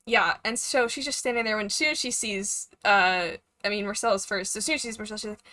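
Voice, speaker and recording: A woman running a tabletop game as game master, narrating in an animated way with frequent laughs. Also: mid-range voice, quick pace, few pauses, no echo. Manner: animated, laughs often, many fillers.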